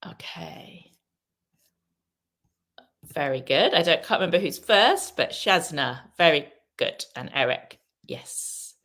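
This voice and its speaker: An English teacher streams live, reading viewers' comments, complimenting their answers, posing questions and emphasising how words are pronounced. Her low voice is animated and fairly bright, and she speaks slowly.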